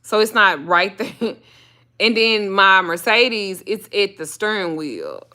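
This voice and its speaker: A woman's voice: big pitch swings, slow pace, pushed and bright. A middle-aged woman hosting her channel, telling a personal story in a blunt, profane, casual way. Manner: profane and blunt, jumps up high when acting out her own panic.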